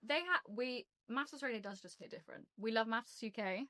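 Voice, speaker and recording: A woman from the UK hosting a casual chat, quick to ask curious questions. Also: a little high, sharp tone, dry recording, clean studio sound. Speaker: host.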